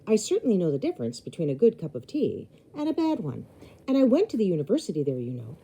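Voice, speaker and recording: A woman voicing a fussy, theatrical middle-aged uncle who talks in a booming, over-hearty way. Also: huge pitch swings, fast, warm tone, a little hiss or hum, exaggerated voice.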